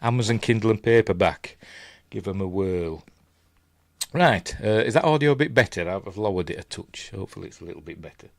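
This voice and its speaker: A man's voice: on the low side, fairly quick, vocal fry, dry recording, studio quality. A middle-aged man with a Yorkshire accent hosts a live movie show in rambling, self-mocking casual chat, talking into a desk mic. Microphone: desk mic, level being adjusted.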